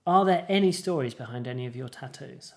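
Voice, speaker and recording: Man, podcast co-host, casual chat, rambling, mid-pitched voice, full of ums. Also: lively intonation, brisk, a little mellow. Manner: rambling, many fillers and restarts.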